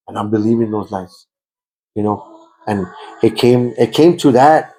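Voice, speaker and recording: Gravelly man. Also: lowish voice, a little slow, long pauses, warm tone, rough recording. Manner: emotional, repetitive, switches into Spanish. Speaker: interviewee giving testimony. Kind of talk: conversational personal testimony.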